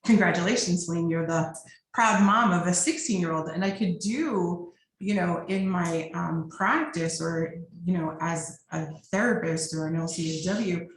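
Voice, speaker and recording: Low-voiced woman therapist, echoey call. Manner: explanatory, often checks in with "right?". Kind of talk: conversational teaching talk. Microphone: video call. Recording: echoey room with faint noise.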